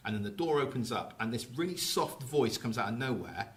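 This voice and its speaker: A man hosting a casual podcast chat, telling film stories in a lively way. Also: medium pitch, brisk. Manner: lively storyteller recounting film plots. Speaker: podcast host.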